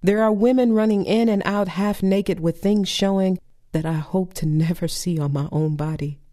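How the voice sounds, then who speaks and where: A woman's voice: medium pitch, normal speed, warm tone. A woman poet performing a spoken-word poem with a dry, sardonic, rhythmic delivery.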